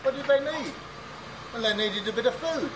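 Halting man preaching in a noisy hall. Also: very high-pitched, expressive. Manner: halting, with fillers and restarts. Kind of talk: sermon. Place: conference hall.

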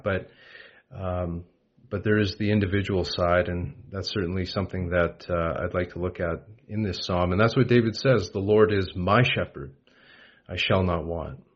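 A man preaching a gentle devotional Bible talk, unhurried, with frequent pauses and fillers. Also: low voice. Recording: dull lo-fi recording.

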